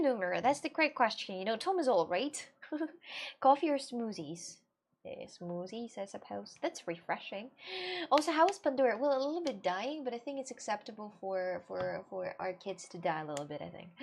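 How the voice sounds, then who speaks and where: Woman streamer, English speaker, casual live chat, animated and ranty, slightly high voice. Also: a little hiss or hum. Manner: animated, ranting, laughs often, fillers like "you know".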